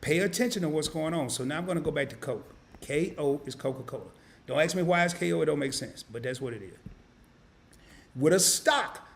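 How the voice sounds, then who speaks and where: This investing channel host, a man with a highish voice and vocal fry, runs a live stream and casually walks viewers through calculations on screen. He thinks aloud and corrects himself as he clicks, keeping things folksy and calling his audience "y'all."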